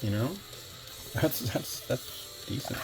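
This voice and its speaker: With music playing underneath, a man speaks slowly in a mid-range voice with vocal fry. He runs an instant noodle review channel, and his casual talk while cooking and tasting wanders, carries strong opinions, and keeps restarting.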